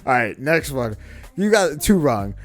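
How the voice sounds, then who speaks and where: A man co-hosting a casual podcast guessing game, animated and laughing often as he acts out movie lines. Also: mid-range voice, a little slow, faint music behind. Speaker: podcast co-host.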